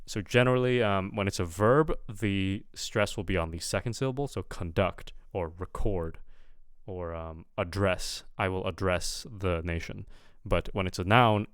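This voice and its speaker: A man giving casual feedback as a coach, halting with many fillers and repeating sounds aloud. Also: on the low side, smooth, no echo, clean studio sound. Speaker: accent coach.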